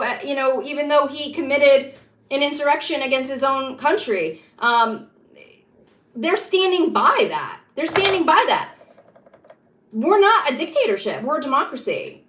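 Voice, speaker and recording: Casting: woman, bright and high, emphatic and repetitive political rant. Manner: emphatic, repetitive, rising to heated insistence. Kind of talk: impassioned political monologue. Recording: echoey room.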